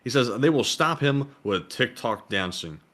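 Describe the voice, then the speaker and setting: Chill guy co-hosting a livestream, reading out donation messages, mid-pitch voice. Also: unhurried. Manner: relaxed, reads messages aloud. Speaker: co-host reading viewer donations. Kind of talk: casual livestream chat.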